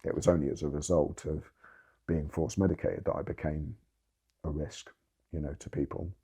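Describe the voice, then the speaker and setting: A man in an interview speaks at a moderate pace with a steady tone, his low, husky voice dark and mellow. He shares his personal story candidly and earnestly, hitting words hard and swearing to emphasize them.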